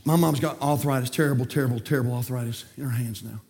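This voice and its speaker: A man preaching a fiery sermon, folksy and repetitive, swinging from quiet talk to shouting. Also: medium pitch, fast, heavy background noise. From North Carolina, USA. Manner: folksy, repeats words. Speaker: pastor.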